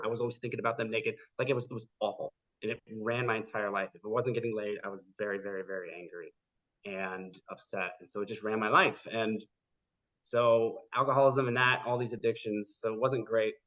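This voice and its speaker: A man telling his story as a podcast guest, lively and full of "like" fillers, acting out the people he quotes. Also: on the low side, fairly quick. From United States. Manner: animated, acts out quoted people, many "like" fillers. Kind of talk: casual storytelling interview. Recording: dull lo-fi podcast audio.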